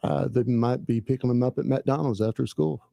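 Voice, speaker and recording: Gravelly, dark-voiced co-host. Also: male voice, medium pitch, fairly even intonation, moderate pace, dry recording. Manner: blunt, contrarian interjections. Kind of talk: casual banter.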